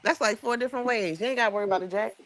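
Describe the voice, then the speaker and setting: A woman's voice: fairly high pitch, rapid-fire, a bit bright, slight background noise. A woman with a Southern US accent co-hosting a live stream, playful and laughing often. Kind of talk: casual chat on a live stream.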